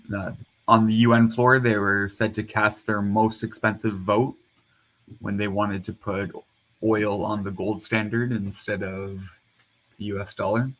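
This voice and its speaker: A man's voice: lowish voice, poor audio. A man talking in a casual online panel chat, rambling and hesitant, over a computer mic. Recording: hum of a loud computer fan.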